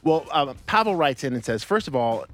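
A man's voice: medium pitch, big pitch swings, fairly quick. Giggly male co-host reading texts. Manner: stumbling, giggling over hard words. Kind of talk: casual comedic chat.

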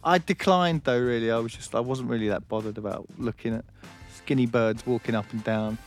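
A man's voice: medium pitch, fairly quick. A man bantering casually as a radio co-host, in a studio with faint music. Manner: relaxed banter, says "mate".

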